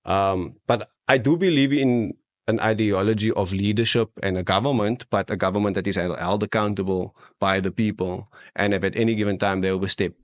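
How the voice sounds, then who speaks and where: A young man, a podcast guest talking in an outspoken, animated way in casual chat. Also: fairly low pitch, fairly quick, hardly any pauses, dry recording, dull audio. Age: young adult.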